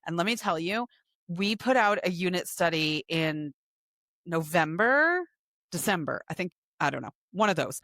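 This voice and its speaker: A woman's voice: on the low side, animated, normal speed, a bit bright, no echo. A woman co-hosting a podcast in casual chat, reading out a long list with dry asides. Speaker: podcast co-host.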